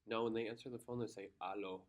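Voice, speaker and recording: A male chemistry teacher talking in a classroom. He lectures, then drifts into chatty, easygoing storytelling with the students, and his voice sits at an ordinary middle pitch. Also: rapid-fire. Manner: chatty, storytelling, animated when amused.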